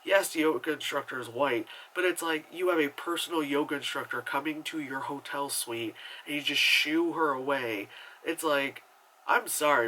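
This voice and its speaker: Bright-voiced man ranting about a movie. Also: on the high side, moderate pace, slight background noise, low-quality recording. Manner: chatty and rambling, heavy on filler words and swearing; exasperated and sarcastic. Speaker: movie reviewer. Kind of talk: casual spoken movie review.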